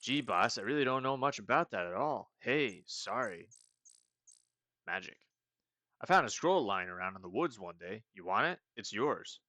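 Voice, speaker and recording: A mellow hippie meep that lives underground, put on by a man playing a game, drawling every thought with "like" and "you know". The voice sits a bit higher than the player's own and comes out loud and cheerful, with game music underneath. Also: lively intonation, normal speed, no room sound. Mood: mellow, friendly. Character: laid-back stoner hippie meep, small furry burrow creature.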